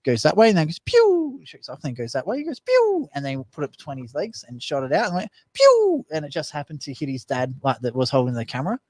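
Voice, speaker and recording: A man co-hosting a casual talk show, chatty and quick to tell a story. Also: medium pitch, animated, darkish tone, no room sound. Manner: chatty, storytelling, laughs easily. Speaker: co-host. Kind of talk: casual banter.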